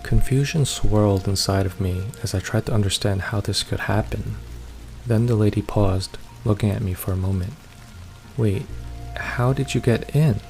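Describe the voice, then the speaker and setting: A man narrating a first-person horror story in a steady, measured reading. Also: lowish voice, gravelly, faint music behind.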